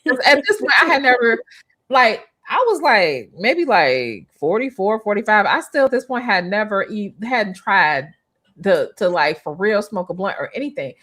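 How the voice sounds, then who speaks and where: A woman's voice: medium pitch, normal speed. A middle-aged woman, a former hairstylist, telling a story in a casual interview, restarting often and acting out the people she quotes. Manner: animated, restarts often, acts out quoted voices.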